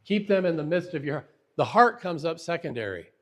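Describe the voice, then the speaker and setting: A man's voice: fairly high pitch, expressive, brisk, a bit bright. A man giving a recorded Bible lesson, earnest and emphatic, sometimes restarting his words as he explains. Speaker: Bible teacher.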